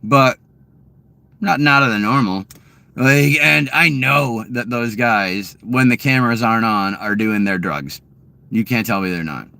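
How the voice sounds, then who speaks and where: A man's voice: medium pitch, a little slow, creaky, sharp tone, no room sound. Crude, rambling guy. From Massachusetts. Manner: crude, rambling, laughing, swearing. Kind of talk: casual chat to viewers.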